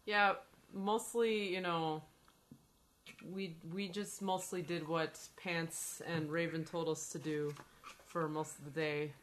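A woman's voice: sits low, fairly even intonation, slow, a little hiss or hum. A woman hosting a podcast, telling a story in casual, playful chat and teasing her co-host. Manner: chatty, playful, swears and teases.

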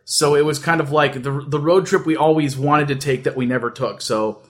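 A man on a casual podcast tells a travel story in a voice set somewhat higher than most men's. He rambles, stops and restarts his sentences, and throws in jokes along the way. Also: fairly even intonation, normal speed. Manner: rambling, full of fillers and restarts, joking. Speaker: podcast host.

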